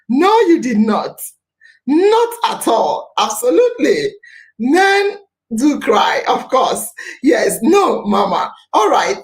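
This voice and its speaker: A woman hosting a live talk show, emphatic and animated, repeating her phrases for effect. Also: very high-pitched. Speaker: podcast host.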